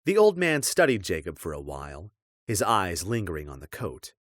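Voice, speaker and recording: A man narrating a dark fantasy audiobook in a measured, expressive storytelling voice. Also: low-pitched, dry recording, studio quality.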